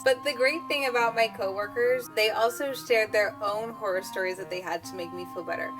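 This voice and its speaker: A woman's voice: a little high, brisk, few pauses. A young adult woman vlogging, casually retelling a story with lots of "like" fillers. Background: faint music.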